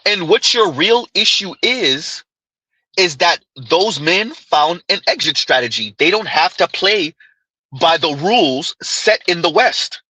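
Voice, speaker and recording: A man of Caribbean descent hosts a live commentary stream, reading out comments and ranting emphatically, repeating phrases and talking straight to chat. His voice is high-pitched and bright with a pushed, breathy edge and lively intonation, yet his pace is unhurried. The recording is dry and low in quality.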